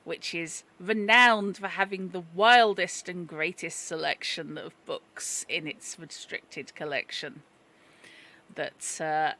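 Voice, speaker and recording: Bright-voiced woman game master. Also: sits low. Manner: wry, joking, halting with fillers. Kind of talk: narrating a tabletop game.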